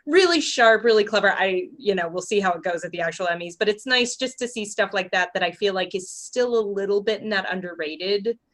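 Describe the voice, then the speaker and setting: A woman's voice: medium pitch, fairly quick, few pauses, fairly bright tone. A woman co-hosting a casual podcast. She talks in a loose, rambling way, full of filler words and restarts. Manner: chatty, lots of filler words. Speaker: podcast co-host. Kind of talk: casual chat.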